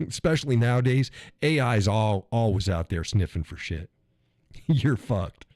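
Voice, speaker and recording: A man with a fairly low voice chats casually on his live stream, cursing freely and laughing as he reads viewer messages aloud. The sound is dry and close, with no room echo. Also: unhurried, a little mellow.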